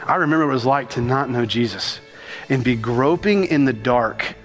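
A man, a senior pastor preaching a sermon with rhythm and animated cadence. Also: mid-range voice, soft background music. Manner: rhythmic, animated preaching with talk of speaking fast.

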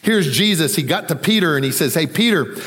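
A man delivers a conversational sermon, his pitch ranging widely and sitting a little high. He slips into the voices of the people in the story as he talks. The sound carries the long reverb of a church hall. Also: brisk. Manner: animated, acts out quoted voices, conversational. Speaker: pastor.

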